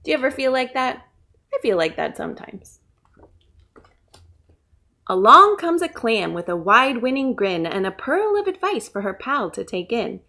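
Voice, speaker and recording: A woman leading a children's story time at a library. She reads aloud in a sing-song way and stops to ask the children questions. Her voice sits a little high and swings widely up and down. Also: very animated, moderate pace, long pauses, sharp tone.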